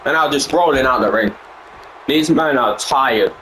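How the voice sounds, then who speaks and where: A man giving excited play-by-play wrestling commentary, repeating phrases and exclamations as the action unfolds. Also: medium pitch, measured pace, roomy sound, a little hiss or hum, poor audio. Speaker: fan commentator.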